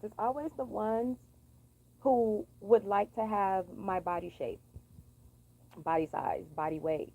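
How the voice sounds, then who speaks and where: A woman's voice: mid-range voice, unhurried, gravelly, mellow, low-quality recording. A young woman venting in a blunt, profane, sassy monologue for her vlog. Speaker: vlogger.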